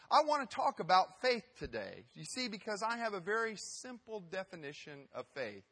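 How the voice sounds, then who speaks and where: A man's voice: high voice, a bit bright. A man giving a sermon as pastor, telling a story emphatically with some hesitant fillers.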